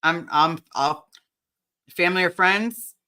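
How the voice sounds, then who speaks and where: A podcaster chatting casually in an earnest, emotional way, with halting restarts as they talk. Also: medium pitch, bright, forceful tone. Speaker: podcast co-host.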